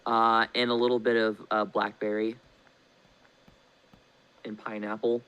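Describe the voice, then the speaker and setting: A man's voice: lowish voice, flat delivery, a little slow, pushed and bright, clear, resonant tone, dull audio. Joking man teasing with questions. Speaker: co-streamer. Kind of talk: casual livestream banter.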